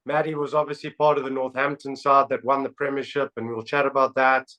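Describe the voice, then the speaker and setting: A man hosting a casual podcast chat, telling stories in an animated way with frequent laughter. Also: mid-range voice, fairly quick, rough recording. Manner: animated storytelling, laughs often. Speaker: podcast host, former rugby player.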